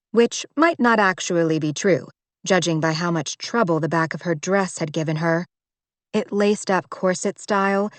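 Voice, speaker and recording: Low-pitched woman narrating an audiobook. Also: dry recording. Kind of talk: scripted narration.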